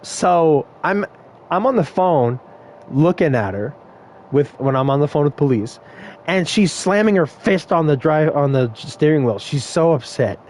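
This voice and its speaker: A man's voice: fairly high pitch, lively intonation, measured pace, a little mellow, a little hiss or hum. A young man casually telling a story from work, rambling, swearing and laughing often.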